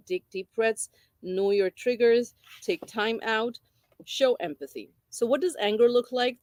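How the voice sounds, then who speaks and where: Woman, parenting educator, mid pitch, conversational talk, repeats key phrases, dry close recording. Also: a little mellow, no room sound. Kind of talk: informal talk explaining a parenting book.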